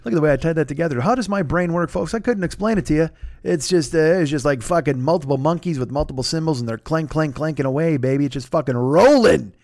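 A man's voice: fairly high pitch, quick pace, a little mellow, no room sound, studio quality. A man hosting a comedy podcast, reading an ad in a rambling, profane, self-mocking way. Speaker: podcast host. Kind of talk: crude comedic ad read.

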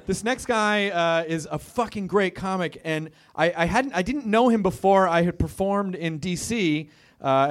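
A male host introducing comics on stage, loose, enthusiastic and swearing freely. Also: on the high side.

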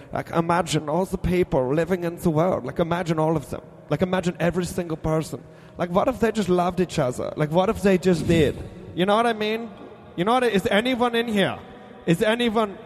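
A man playing an earnest, rambling speaker at an open-mic poetry night, halting and full of filler words, with added reverb. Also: fairly high pitch, darkish tone. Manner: halting, filler-heavy, "like" every few words.

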